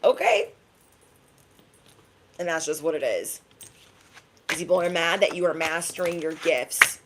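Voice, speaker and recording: A woman giving an energetic tarot reading to her viewers, emphatic and sassy, often tagging her lines with "okay?". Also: low-pitched, moderate pace, heavy background noise. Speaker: tarot reader.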